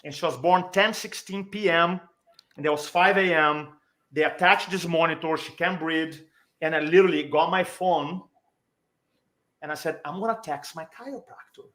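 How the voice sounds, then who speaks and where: Animated high-voiced man telling a story. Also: normal speed. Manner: energetic, emphatic, acts out quoted dialogue. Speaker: podcast guest, speaking coach.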